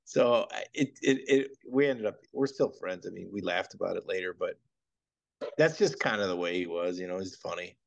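A comedian guest telling an anecdote on a podcast, laughing and acting out what others said. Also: male voice, sits low, normal speed, creaky. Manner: animated, laughs while telling, acts out quotes. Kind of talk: anecdotal storytelling.

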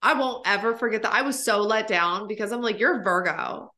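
A woman's voice: fairly high pitch, brisk, bright, forceful tone. A woman in her thirties hosting a podcast, chatting casually with plenty of fillers and swearing. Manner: chatty, profane, lots of fillers. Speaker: podcast host. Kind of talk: casual chat.

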